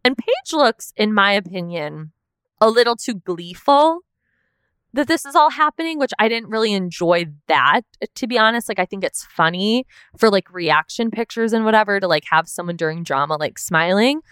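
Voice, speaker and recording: A woman's voice: mid-range voice, animated, moderate pace, a bit bright, clean tone, dry recording, clean studio sound. A young woman hosting a casual recap podcast, chatty and full of "like" fillers.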